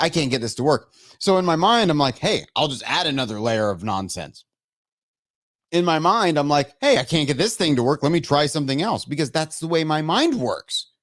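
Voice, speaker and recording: Hosting a casual live-stream chat, a man with a fairly high voice grows exasperated and laughs over his own technical problems. The recording is studio quality with no echo.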